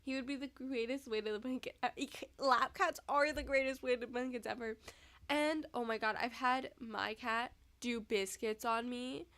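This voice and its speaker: A woman's voice: a little high, steady tone, normal speed, a bit bright, no room sound. A young woman in casual chat to her viewers at home, sleepy and yawning, often giggling. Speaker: streamer. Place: indoors at home.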